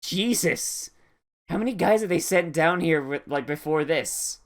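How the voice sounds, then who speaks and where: Casual anime reaction vlogger, profane, sarcastic, quick to laugh. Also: mid-range voice, lively intonation.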